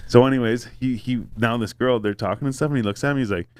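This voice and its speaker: A man's voice: medium pitch, quick pace, clean tone, no room sound. A man telling a long story in casual podcast chat, rambling and swearing, with many fillers.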